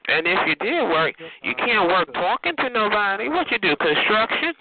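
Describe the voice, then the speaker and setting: A man's voice: high-pitched, very animated, moderate pace, phone-quality sound, background noise. A man hosting a phone chat line, roasting a caller in a sassy, theatrical way and calling everyone honey.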